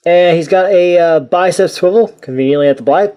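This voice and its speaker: A man's voice: sits high, brisk, warm tone, clear, resonant tone. A man giving a casual toy review, rambling and joking at his own expense. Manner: rambling, jokey and self-mocking.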